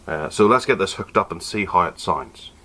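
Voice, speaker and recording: Deep-voiced man reviewing gear. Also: normal speed. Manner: chatty, self-correcting, relaxed asides. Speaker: tech reviewer and podcast host. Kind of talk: casual product review.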